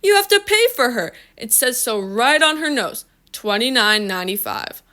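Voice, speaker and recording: A woman's voice: on the high side, sing-song, sharp tone. A woman doing a pushy cashier man. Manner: pushy and quick. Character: brash man at cash register.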